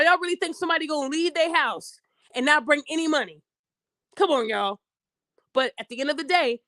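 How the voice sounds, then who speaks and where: Podcast host, young woman, AAVE, high voice, blunt and lecturing, dry close sound. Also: bright, forceful tone, no room sound. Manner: blunt, preachy, addresses listeners directly, acts out quoted voices. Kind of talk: opinionated podcast monologue.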